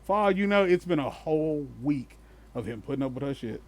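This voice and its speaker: A man's voice: a little high, fairly quick. A man co-hosting a podcast, telling stories in casual chat, swearing freely and breaking into laughter. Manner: animated storyteller, swears freely, bursts into laughter. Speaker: podcast co-host.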